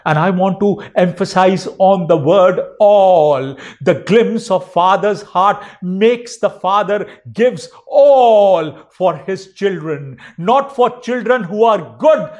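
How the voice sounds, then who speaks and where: High-voiced preacher swinging soft to loud. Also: male voice, slow pace, hardly any pauses, muffled recording. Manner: repeats words and phrases for emphasis. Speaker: pastor. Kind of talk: sermon.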